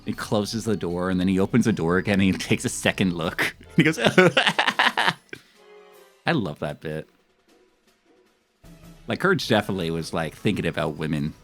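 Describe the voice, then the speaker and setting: A man in his thirties chatting casually with his stream viewers in a rambling, animated way, often breaking into laughter. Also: deep voice, brisk, soft background music. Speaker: live streamer.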